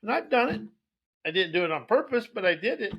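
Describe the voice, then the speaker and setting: A man's voice: high-pitched, sing-song, brisk, husky, highs cut off. A man giving a rambling spiritual monologue, preaching as he goes, repeating key phrases and restarting his sentences. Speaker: motivational speaker.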